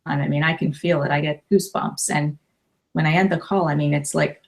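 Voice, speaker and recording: A woman in her fifties, a life coach and author, talking warmly and emotionally in a casual interview, with many restarts. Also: sits low, steady tone, brisk, vocal fry.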